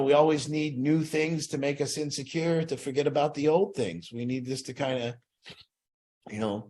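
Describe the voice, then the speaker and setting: A man's voice: mid-range voice, a little mellow. A man leading an addiction recovery group in a room, talking earnestly and reflectively, acting out the inner voices he describes.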